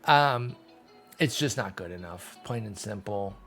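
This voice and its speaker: A man giving casual play-by-play commentary over a sim baseball game, calling out results quickly and joking. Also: on the low side, faint music behind. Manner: animated, quick call-outs, self-deprecating laughs. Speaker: gaming YouTuber.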